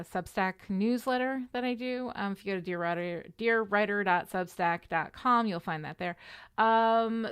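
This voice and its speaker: A woman's voice: medium pitch, a bit bright, clean tone. A tired woman chatting casually with her live audience during a writing sprint, upbeat and full of fillers. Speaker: livestream host of a writing sprint.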